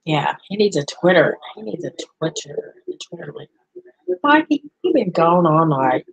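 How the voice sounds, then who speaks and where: A woman's voice: on the low side, very animated, normal speed, slightly rough, lo-fi sound. An older woman, a grandmother hosting a rambling, casual livestream chat with her viewers. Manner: chatty, rambling, talks to viewers and pets. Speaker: livestream host.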